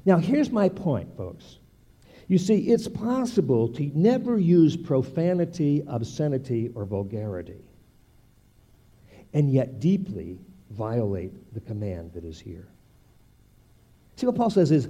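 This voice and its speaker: An older man preaches with animated energy, swinging his voice up and down as he drives each point home. His tone is dark and mellow, with a slightly husky edge. He breaks into playful asides between the points. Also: fairly high pitch, takes it slowly, muffled recording. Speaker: pastor. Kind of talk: sermon.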